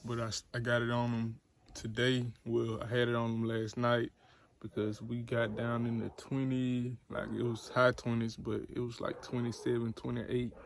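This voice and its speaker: A man, talking slowly and gently as he explains handling piglets in a casual farm vlog. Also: medium pitch, monotone, vocal fry. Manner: slow, soothing, talks gently to piglets. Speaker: farm vlogger. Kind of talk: casual vlog narration while handling animals. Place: outdoor pig pen on a farm. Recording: noisy outdoor farm recording. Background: squealing piglets and grunting pigs.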